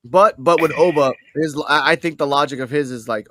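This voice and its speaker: A man co-hosting a casual wrestling review podcast, talking in an animated, profane and argumentative way. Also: fairly high pitch, brisk, few pauses, dry recording. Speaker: podcast co-host.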